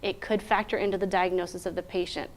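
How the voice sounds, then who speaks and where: A woman teaching interpreters in a clear, methodical way, often posing rhetorical questions. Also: lowish voice, little pitch movement, fast, a little hiss or hum. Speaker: interpreter trainer. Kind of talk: instructional talk.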